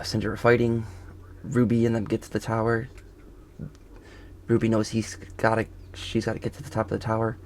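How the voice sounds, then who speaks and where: A man's voice: fairly low pitch, creaky, slight background noise. A man casually recapping a show episode outdoors, rambling and correcting himself as he goes. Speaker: video reviewer. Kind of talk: casual spoken review. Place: outdoors on a golf course.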